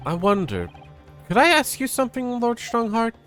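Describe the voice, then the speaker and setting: A man voicing an earnest young lawyer, pitched high. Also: big pitch swings, normal speed, a bit bright, faint music behind, heavily acted. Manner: high, startled exclamations.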